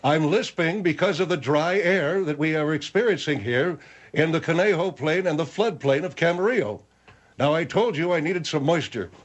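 A pompous old general whose squeaky voice lisps and cracks as it leaps about wildly in pitch. He talks with indignant self-importance, as if offended at every turn, his high tones breaking up mid-word. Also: very animated, normal speed, lo-fi sound.

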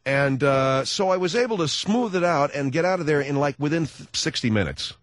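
A man's voice: on the high side, animated, brisk, no room sound. A man hosting a radio talk show, telling a sardonic comic rant in a studio. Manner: sardonic, ranting storyteller. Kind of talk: comedic radio monologue.

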